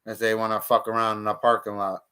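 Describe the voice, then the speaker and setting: Man, live streamer, blunt and profane, bright forceful tone, smooth clear voice. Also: fairly low pitch, completely flat delivery, fast talker. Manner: blunt, profane, heated outbursts. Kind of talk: casual live-stream monologue.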